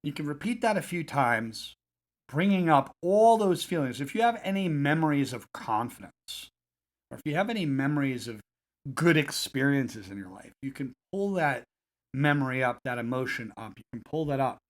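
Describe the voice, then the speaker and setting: A man guiding listeners through a self-help technique in a calm, repetitive coaching cadence. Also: medium pitch, normal speed. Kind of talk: guided self-help instruction.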